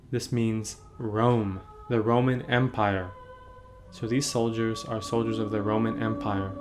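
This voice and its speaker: A priest with a medium-pitched voice leads a catechism meditation on a painting. He gently poses questions to the listener and then answers them himself.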